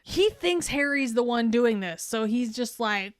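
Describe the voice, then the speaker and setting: A woman's voice: fairly high pitch, animated, measured pace, clear, resonant tone, no room sound, clean studio sound. A woman co-hosting a podcast in casual, profane, laughing chat. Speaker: podcast co-host.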